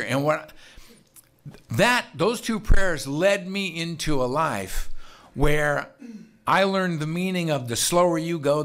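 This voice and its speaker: A man giving a personal storytelling talk at a recovery meeting, animated, acting out the conversations he recounts, with a laugh now and then. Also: fairly high pitch. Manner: animated, acts out the dialogue he recounts.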